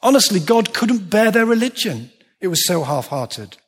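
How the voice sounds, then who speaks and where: A man preaching a sermon, emphatic, slowing down and dropping low to stress his words. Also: sing-song, husky. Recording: long reverb of a large hall.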